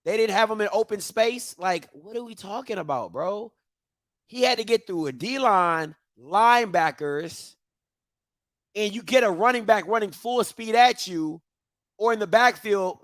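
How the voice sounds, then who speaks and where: Excitable man reacting loudly to football. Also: sits high, unhurried, no echo, clean studio sound. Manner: loud, excitable, trash-talking. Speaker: watch party host. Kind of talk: live reaction commentary.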